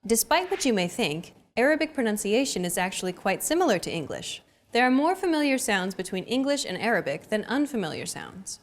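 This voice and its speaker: A young adult woman hosting a language lesson in an upbeat, clear teacherly delivery. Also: on the high side, sing-song, a little fast, hardly any pauses, slight background noise. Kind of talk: scripted lesson narration.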